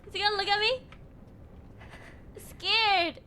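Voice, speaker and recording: High, bright-voiced young woman streamer. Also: fairly even intonation, slow, slight background noise. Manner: jumpy, shrieks and giggles when scared; swears freely. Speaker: game streamer. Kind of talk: live gameplay commentary.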